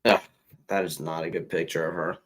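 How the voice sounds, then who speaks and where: Deep-voiced and fairly even in intonation, a male podcast co-host talks a little fast on a rough recording. On the casual commentary show he vents with exasperation and plenty of profanity, frequently starting over mid-thought.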